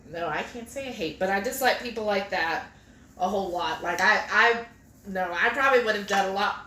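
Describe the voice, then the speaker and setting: A woman's voice: medium pitch, bright, forceful tone. Giggly woman reading chat comments. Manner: chatty and giggly, reads comments aloud. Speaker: cooking stream co-host. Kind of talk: casual livestream chat, reading viewer comments aloud. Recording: echoey kitchen room.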